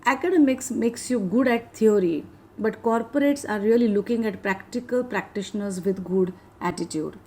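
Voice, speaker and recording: A woman giving a motivational lecture as a guest speaker, earnest and measured, leaning into key points. Her voice is mellow and warm in tone. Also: medium pitch.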